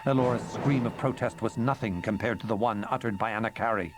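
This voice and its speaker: A man reading a fantasy novel aloud in measured, dramatic narration. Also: fairly low pitch, noisy background. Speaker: audiobook narrator. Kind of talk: scripted narration.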